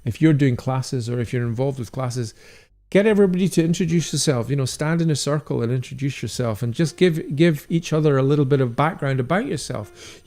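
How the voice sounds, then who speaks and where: Gravelly Scottish man, chatty livestream host. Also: medium pitch, mellow. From Scotland. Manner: chatty, encouraging, reads viewer comments aloud. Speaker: stained glass artist hosting a livestream. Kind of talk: casual livestream chat.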